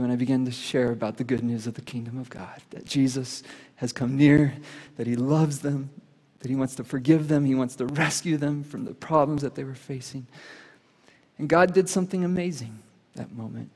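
A male pastor delivers a sermon in an earnest storytelling voice of middling pitch. He drops to a near hush for the solemn moments. His voice rings with the long reverb of a church hall.

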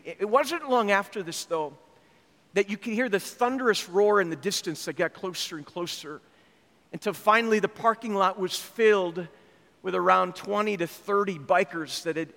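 A man preaching a sermon, telling an animated story and voicing its characters. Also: high voice, long reverb tail. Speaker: pastor.

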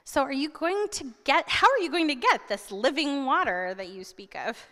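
A woman's voice: high voice, animated, moderate pace, pushed and bright, in a large hall. A woman voicing a wary, weary woman at a well who asks earnest questions. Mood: questioning.

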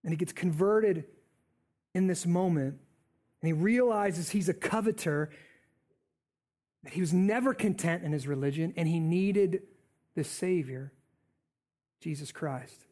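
A man preaching a sermon in an animated, conversational way. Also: on the high side, a little slow, pauses often.

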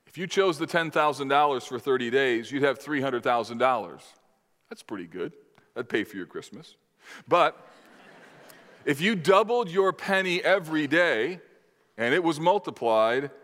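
A man preaching a sermon in a measured, emphatic way, putting questions to the congregation. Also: mid-range voice, a bit bright. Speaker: pastor. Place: church sanctuary. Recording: long reverb in a large hall.

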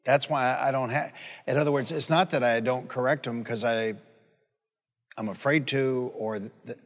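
A pastor in his sixties preaches in a folksy, conversational way, stopping to toss questions out to his congregation. His voice sits at an ordinary pitch for a man. It rings with the long reverb of a large hall. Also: fairly bright tone. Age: 60s. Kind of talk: sermon. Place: church sanctuary.

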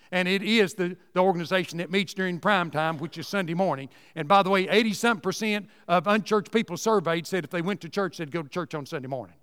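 A high-pitched man preaches to his congregation with folksy, emphatic conviction, driving his points home by repeating them. His voice rings out with a long reverb, as if filling a large church sanctuary. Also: fairly bright tone. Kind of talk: sermon.

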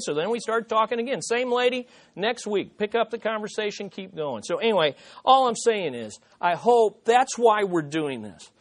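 A man preaching a teaching sermon as pastor, earnest and animated, telling a story and asking repeated rhetorical questions. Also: sits high, moderate pace, few pauses.

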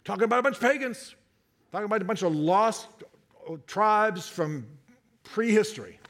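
A man preaching a sermon to a congregation, animated and joking, often repeating and restarting his words. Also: high voice, moderate pace. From Southern United States, half his family.

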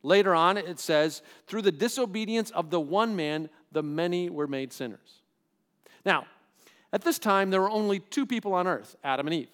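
High-voiced conversational male preacher. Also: moderate pace, a bit bright. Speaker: pastor. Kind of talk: sermon.

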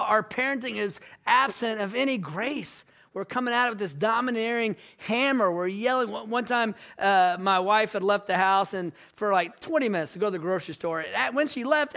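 A man, preaching a sermon and telling stories in an animated, self-mocking way. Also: sits high. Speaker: pastor.

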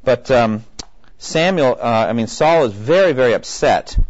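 A man's voice: mid-range voice, expressive, normal speed. A man giving a conversational Bible teaching lecture who acts out the quoted voices and keeps checking in with his listeners. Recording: dull lo-fi recording.

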